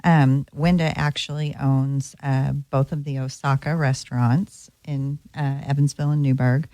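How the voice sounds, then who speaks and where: A woman real estate agent speaking on a radio show, soft-spoken with frequent ums. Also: a bass voice, flat delivery, a little slow, dry recording. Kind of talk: casual radio chat. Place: radio studio.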